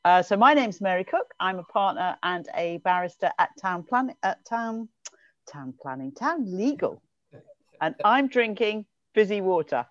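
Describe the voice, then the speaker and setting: A friendly woman barrister introduces herself with a lively, rising-and-falling voice. The sound is dull and dry, like a lo-fi video call with no room echo. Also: mid-range voice, measured pace. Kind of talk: casual video-call chat. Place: indoor gallery-like room.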